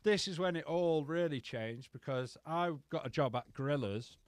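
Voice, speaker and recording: Young guy, lively storyteller, slightly high voice, dry close sound. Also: moderate pace, clear, resonant tone, no room sound. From England. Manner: animated storyteller, swears freely, acts out quotes. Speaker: guest telling his story. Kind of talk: casual podcast chat.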